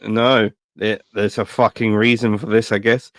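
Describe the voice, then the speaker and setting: A man, co-hosting a casual podcast chat, swearing freely as he rambles through animated anecdotes. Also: lowish voice, moderate pace, dry recording. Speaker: podcast co-host.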